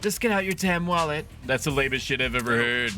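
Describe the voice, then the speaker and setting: A streamer voicing a rough young male street thug who sneers, swears and barks threats. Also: mid-range voice, expressive, brisk, bright, forceful tone, soft background music. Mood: sneering. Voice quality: sneering, swearing tough-guy bark.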